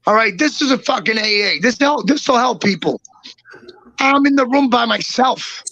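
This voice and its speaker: A man with a gravelly, husky voice tells a story in fits and starts, doubling back on his words and cursing as he goes. The recording sounds dull and lo-fi, close and dry. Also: extremely high pitch, bright, forceful tone, no echo. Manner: halting, with many restarts and repeats; swears freely. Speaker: guest storyteller. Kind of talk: casual storytelling.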